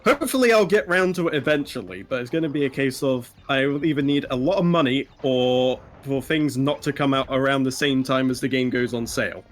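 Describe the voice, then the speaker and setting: A man running a game on a charity stream, chatting in a relaxed, rambling way. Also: medium pitch, fairly quick, few pauses, soft background music. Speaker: speedrunner. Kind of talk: casual live-stream chat.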